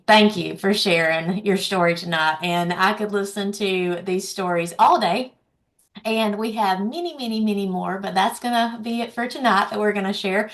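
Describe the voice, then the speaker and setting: Bubbly, emphatic woman hosting an event. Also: mid-range voice. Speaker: host of community event. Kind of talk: enthusiastic live event hosting.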